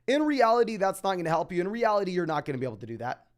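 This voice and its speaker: A young man hosting a casual fantasy football Q&A, reading out viewer questions and answering them in a quick, emphatic way. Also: sits high, lively intonation. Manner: fast, emphatic, calls listeners "my man". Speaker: fantasy football podcast host.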